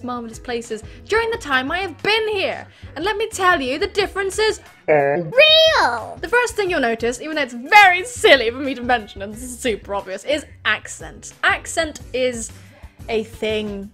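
A goofy English woman rambles through a comedic vlog, her voice bright and a little high. She swears casually and keeps things animated, with soft game music faint behind her. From England. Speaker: YouTuber.

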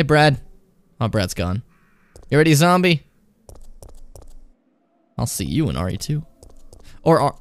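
A man's voice: medium pitch, a little hiss or hum. A young man playing a horror game on stream, chatting casually, swearing a lot and taunting the enemy. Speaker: let's play streamer.

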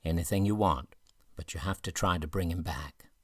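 A man's voice: sits low, normal speed, dry recording, studio quality. A man voicing a grieving middle-aged father who pleads in an audiobook. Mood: pleading.

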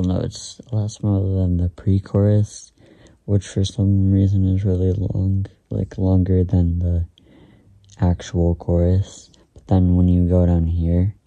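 A deep-voiced man with a gravelly, fry-heavy tone rambles through a casual reaction, stopping and restarting often. He sits a little back from the phone mic. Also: level tone, a little slow, mellow, recorded from a distance. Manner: rambling, hesitant, many fillers and restarts. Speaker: host reacting to a song.

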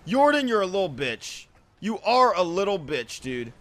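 A man with a lisp, a game streamer yelling and swearing in bursts of rage during live gameplay commentary, on a cheap mic that cuts out when he gets loud. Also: sits high, sing-song, moderate pace. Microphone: cheap mic that cuts out on loud shouts.

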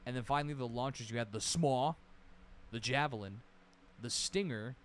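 A man's voice: medium pitch, moderate pace, fairly bright tone. Casual, rambling male game streamer. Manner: rambling, nostalgic, swears casually, reads out lists. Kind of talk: casual livestream commentary.

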